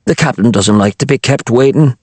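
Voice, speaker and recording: A man doing a deadpan, resentful kitchen boy. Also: medium pitch, brisk, no room sound, natural voice. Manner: flat, deadpan, annoyed. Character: resentful young kitchen boy, flat and unimpressed.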